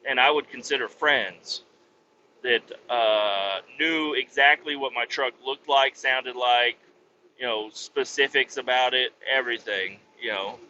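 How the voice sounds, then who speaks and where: A man's voice: medium pitch, measured pace, sharp tone, highs cut off, slight background noise. A man hosting a podcast, telling a rambling, profane anecdote with casual restarts. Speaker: podcast host. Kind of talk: casual storytelling.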